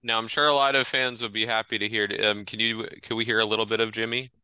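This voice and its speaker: A man hosting a podcast, asking friendly interview questions in a slightly halting way. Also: on the low side, level tone, sharp tone, clean tone, no room sound, poor audio. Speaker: podcast host.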